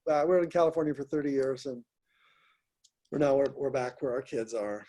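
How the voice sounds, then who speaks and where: A man's voice: mid-range voice, fairly quick, dark tone. A man hosting a group video call, asking questions and giving brief, friendly affirmations. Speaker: host.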